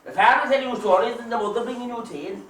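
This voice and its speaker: A man with an Irish accent playing a loud, teasing, scheming countryman in an amateur stage play, heard from far off on an echoey stage. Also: extremely high pitch, fast talker. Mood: coaxing. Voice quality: teasing, boisterous and pushy. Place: theatre stage. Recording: echoey stage recorded from far off with faint hiss.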